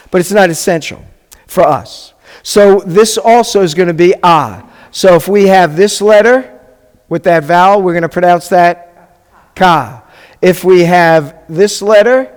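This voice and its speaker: A rabbi teaching a beginners' Hebrew class, patiently sounding out syllables and checking that the class is following. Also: male voice, high voice, a little mellow, smooth. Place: congregation classroom or hall. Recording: long reverb of a hall.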